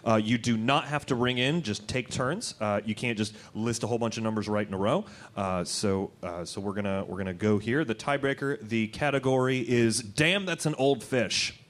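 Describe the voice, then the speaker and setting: A man's voice: fairly low pitch, fairly quick, few pauses. A man hosting a live comedy quiz show, explaining the rules and reading trivia questions aloud. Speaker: quiz host.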